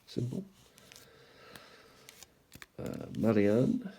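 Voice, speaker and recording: A man hosting a stamp collecting channel, musing aloud in an unhurried way as he shows stamps one by one, with small asides. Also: fairly low pitch, big pitch swings, warm tone, breathy edge. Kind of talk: casual show-and-tell commentary.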